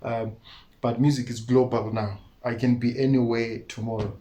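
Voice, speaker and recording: A man's voice: mid-range voice, little pitch movement, normal speed, dark tone, dull audio, a little hiss or hum. A man from Malawi with a Malawian accent, talking earnestly as an interview guest and often breaking into laughter. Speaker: musician guest. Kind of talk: casual interview talk.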